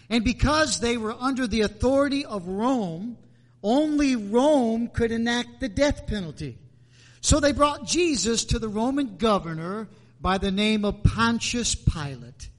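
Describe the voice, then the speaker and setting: Preacher, male, high voice, slow and emphatic delivery, church hall reverb. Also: a bit bright. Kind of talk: sermon.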